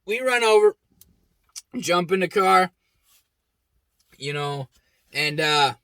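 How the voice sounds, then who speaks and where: A young man hosting his own show, telling a story in a blunt, heavily profane, animated way and acting out the people he quotes. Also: sits high, takes it slowly, dry recording. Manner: acts out quoted lines with raised shouting voice. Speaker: host. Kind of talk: casual storytelling monologue.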